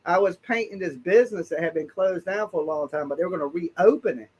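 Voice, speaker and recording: Male call-in host, high voice, blunt slangy storyteller who swears freely. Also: fast talker, a little mellow, slightly rough. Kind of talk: casual live call-in chat.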